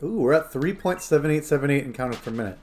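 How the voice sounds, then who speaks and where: A man streaming a game rambles casually to his viewers, talking to chat and to his phone. His voice is fairly high, animated, fast and a little mellow.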